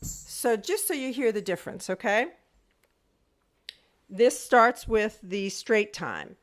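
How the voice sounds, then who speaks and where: A woman's voice: medium pitch, expressive, slow, long pauses. A woman teaching an online group music lesson over a video call. She explains step by step, counts beats aloud and sings rhythm syllables to show them.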